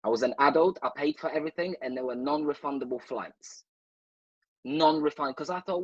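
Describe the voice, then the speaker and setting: A man with a husky, breathy voice tells a rambling story in playful asides, turning to the listeners as he goes. The sound is dry and close, with no room around it. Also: a little high, fairly quick, no echo, highs cut off. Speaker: guest. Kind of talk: casual anecdote telling.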